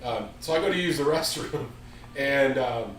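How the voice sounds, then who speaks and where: In an echoey room, recorded from afar with faint ambient noise, a medium-pitched American man in his fifties speaks at a moderate pace. He hosts a music store show and tells a rowdy story in a casual chat. Animated and profane, he acts out quotes with sound effects.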